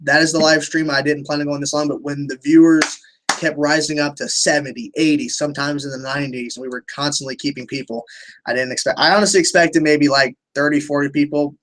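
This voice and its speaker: A man's voice: fairly high pitch, steady tone, brisk, a bit bright. A young man hosting a casual livestream, answering viewer questions in a rambling way, restarting sentences and swearing freely.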